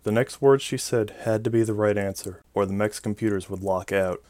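A man narrating a science-fiction novel in a steady, even storytelling delivery. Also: lowish voice, fairly quick, dry recording. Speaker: audiobook narrator. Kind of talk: scripted narration.

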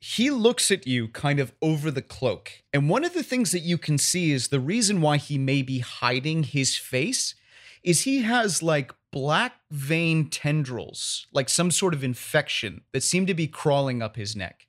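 Animated man narrating as game master. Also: a little high, unhurried. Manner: animated, descriptive, chuckling at slips.

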